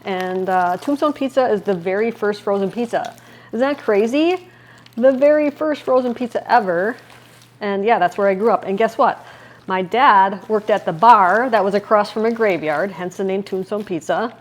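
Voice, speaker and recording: A woman's voice: mid-range voice, normal speed. Chatty middle-aged woman cooking at home. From Wisconsin, USA. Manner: chatty and upbeat, talks viewers through each step. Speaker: cooking vlogger. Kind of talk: casual cooking demonstration. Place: home kitchen.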